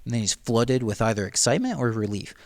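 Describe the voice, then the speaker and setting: A man's voice: mid-range voice, animated, fast, darkish tone. A man casually reading through a novel and talking it over, rambling and slangy, with lots of "like" and "dude". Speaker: book reader and commentator. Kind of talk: casual book read-through commentary.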